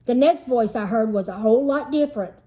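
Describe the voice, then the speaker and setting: High-voiced woman reading a story aloud. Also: fairly quick. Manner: lively storytelling, shifts into character voices. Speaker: teacher reading a children's book aloud. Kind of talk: expressive read-aloud narration.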